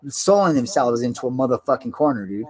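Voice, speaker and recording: A man's voice: medium pitch, animated, quick pace, darkish tone. A man delivering a rambling, agitated monologue, swearing constantly and repeating himself. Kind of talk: rambling profane rant.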